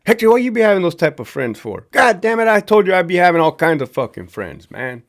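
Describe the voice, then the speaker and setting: Animated, profane man ranting. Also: high-pitched, fast talker. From Southern California. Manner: profane, animated, sarcastic, repeats for emphasis. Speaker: podcast host, former prison guard. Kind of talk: casual ranting monologue to camera.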